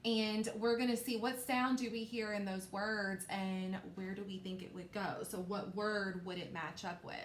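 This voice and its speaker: A woman teacher leading a recorded phonics lesson for young children, stretching out words slowly and checking in with frequent okays. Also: medium pitch, steady tone. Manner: slow, exaggerated sounding-out of words. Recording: echoey room with faint noise.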